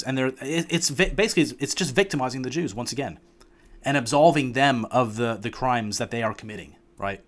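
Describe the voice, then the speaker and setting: A man's voice: medium pitch, quick pace. Hesitant male reaction host. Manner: hesitant, many restarts, frustrated. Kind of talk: casual commentary.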